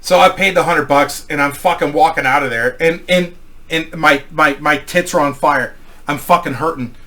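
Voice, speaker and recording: A middle-aged man telling a crude personal anecdote in a rambling, profane, animated way. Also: on the high side, moderate pace. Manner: profane, rambling, animated storytelling with acted quotes. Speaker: storyteller.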